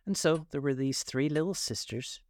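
A man voicing a sleepy, sulky male dormouse with a hoarse, feeble voice. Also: a little high, normal speed, darkish tone, dry recording, pitched above the performer's own voice, lightly acted. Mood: drowsy. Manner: drowsy, sulky storyteller.

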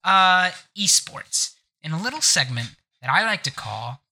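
A man hosting a live gaming podcast, telling bits in a playful, animated way. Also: sits high, a little slow, vocal fry, a little hiss or hum. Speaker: podcast host.

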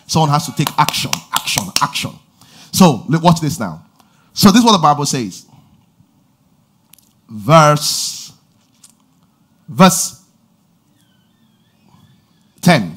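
A man preaching a lively sermon, shouting call-and-response lines and laughing between stories. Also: a little high, unhurried, pauses often. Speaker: pastor.

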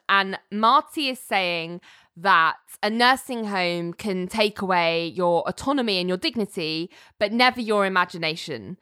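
A woman's voice: mid-range voice, sharp tone, no echo, clean studio sound. A woman casually recapping a TV episode, chatty and laughing often. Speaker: podcast co-host recapping a TV episode. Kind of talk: casual chat.

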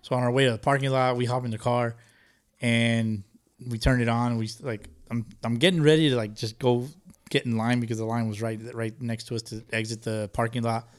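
A man's voice: mid-range voice, fairly quick. A man in casual podcast chat, telling a long story with plenty of swearing. He talks loosely and laughs through his own story. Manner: profane, animated storytelling with lots of laughing. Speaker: podcast co-host.

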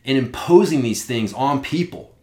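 A man in casual podcast chat, talking in an animated, rambling way and swearing often. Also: medium pitch, normal speed. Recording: roomy echo.

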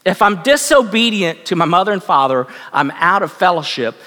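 A man preaching a sermon in a bright, forceful voice that rings through a church hall with a long reverb. He is emphatic and drives his points home by repeating key phrases. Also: sits high, lively intonation, normal speed.

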